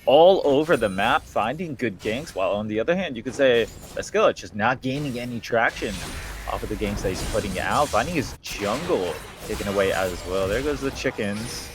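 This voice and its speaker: A man's voice: mid-range voice, lively intonation, normal speed, slight background noise. A man giving casual color commentary on an esports match, laid-back and jokey, laughing often.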